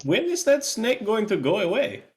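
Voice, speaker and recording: A man's voice: sits high, wildly swooping pitch, normal speed. A man player chatting upbeat and giggly in a tabletop game. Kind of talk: casual tabletop game chat.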